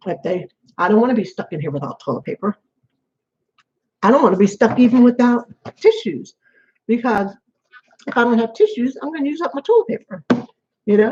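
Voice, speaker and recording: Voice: mid-range voice, a little mellow, breathy edge. A person chatting casually to camera at home in an apartment, rambling and repeating phrases. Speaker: vlogger. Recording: dull lo-fi home recording.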